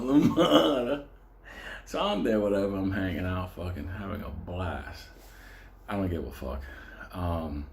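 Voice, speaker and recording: A man's voice: deep voice, darkish tone, slight background noise. Puerto rican guy telling a crazy club story, swears a ton, keeps cracking up, roomy echoey sound with faint ambience behind. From Puerto Rico. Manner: profane, laughs often through the story. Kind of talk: casual comedic storytelling.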